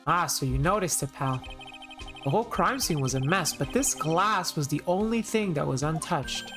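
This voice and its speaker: A woman's voice: deep voice, expressive, normal speed, fairly bright tone. Woman doing a bumbling, folksy police detective guy. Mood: friendly. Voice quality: folksy, says pal. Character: bumbling adult male police detective, good-natured. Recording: game music underneath.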